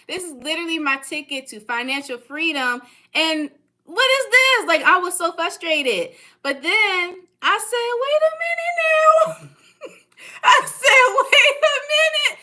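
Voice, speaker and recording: A young woman with a high, bright voice who talks to her viewers in a casual, animated way. She leans hard on repeated phrases and slips into slang as she makes her points. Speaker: stock trading vlogger. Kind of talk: casual motivational talk to camera.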